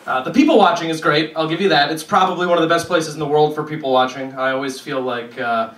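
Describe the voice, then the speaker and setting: A man's voice: on the high side, steady tone, fast talker. A young man doing a stand-up set on a comedy club stage, ranting in a sarcastic, profane way. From Boston area, USA. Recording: roomy club sound from a distance, loud crowd laughter.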